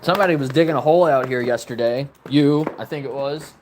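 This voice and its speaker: A man filming on his phone outdoors in a yard, talking to rescue dogs. He swears casually and often slips into high, sing-song baby talk. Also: fast talker, few pauses, a little mellow, slight background noise. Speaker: vlogger at a dog rescue. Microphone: phone camera held in hand.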